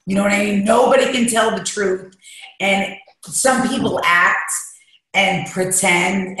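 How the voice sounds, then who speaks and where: A woman's voice: lowish voice, fairly bright tone. A woman guest talking candidly and emotionally, rambling as she shares her feelings in an interview. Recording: echoey room.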